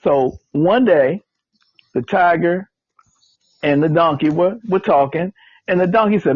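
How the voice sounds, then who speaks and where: A man's voice: a little high, moderate pace, breathy edge, no echo. A man, telling a folksy story in casual chat. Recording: dull, lo-fi sound.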